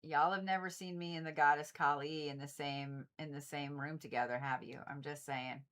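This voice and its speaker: A woman's voice: low voice, fairly even intonation, moderate pace, a bit bright. A woman hosting a livestream, chatting casually and repetitively with viewers and swearing freely. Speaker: livestream host reading zodiac forecasts.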